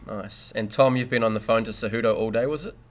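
A man's voice: lowish voice, fast talker. A man hosting a casual podcast, boisterous and joking, swearing freely as he chats with his co-hosts. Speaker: podcast host.

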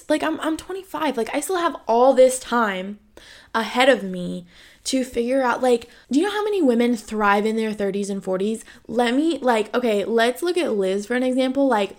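A woman's voice: on the high side, darkish tone. A woman in her twenties hosting a podcast, talking frankly about her own life, with many "like" fillers and free swearing. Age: 20s. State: has the hiccups. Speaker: podcast host. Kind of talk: candid personal monologue.

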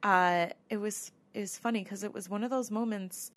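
A woman co-hosting a podcast tells a ghost-hunt story in a chatty, casual way, full of fillers and laughs. Her mid-range voice keeps a fairly even intonation at a moderate pace.

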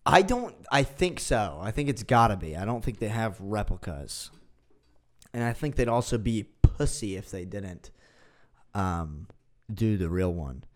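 A man's voice: on the low side, very animated, unhurried. Sarcastic man hosting a podcast. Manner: sarcastic, mocking asides. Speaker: podcast host. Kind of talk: casual chat.

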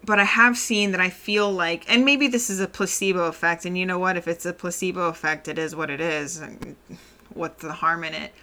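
A woman's voice: fairly low pitch, brisk, bright, forceful tone. A woman, a mother of a toddler, talking candidly and reflectively in a casual personal monologue, often laughing.

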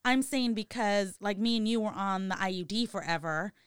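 A woman's voice: medium pitch, normal speed, smooth, no room sound, clean studio sound. A woman in her thirties in casual chat as a podcast co-host, crude and teasing.

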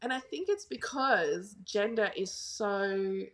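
A woman's voice: mid-range voice, lively intonation, slow, fairly bright tone. An Australian woman in her thirties, a podcast guest telling stories in a chatty way, full of "like" fillers. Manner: chatty, storytelling, many "like" fillers. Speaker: guest photographer. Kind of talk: casual podcast chat.

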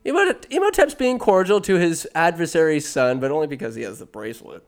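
A man's voice: on the high side, very animated, fast talker. A man giving a casual, rambling, jokey recap of a movie, often interrupting himself.

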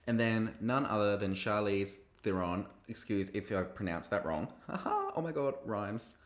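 A man hosting a podcast, recapping a TV episode in a gossipy, animated way and acting out quoted lines. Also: on the low side, moderate pace, echoey room. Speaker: podcast host reviewing a TV episode. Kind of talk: casual recap chat.

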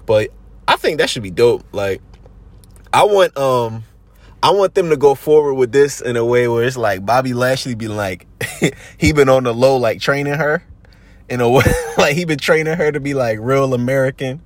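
A man's voice: mid-range voice, normal speed, no echo. A man hosting a podcast in a slangy, rambling, casual chat full of fillers. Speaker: podcast host.

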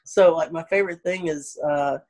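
A man's voice: on the high side, normal speed. A man from Arkansas with a Southern accent, telling stories in casual chat and acting out the people he quotes. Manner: animated storytelling, acts out quoted people. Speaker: comedian.

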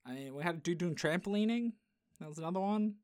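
A man's voice: high voice, animated, fast, no room sound, studio quality. A man hosting a podcast in casual chat, rambling with lots of fillers. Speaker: podcast host.

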